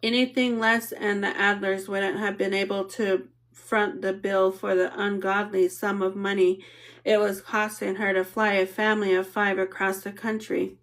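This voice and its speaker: A woman narrating an audiobook in a steady, matter-of-fact reading. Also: medium pitch, moderate pace.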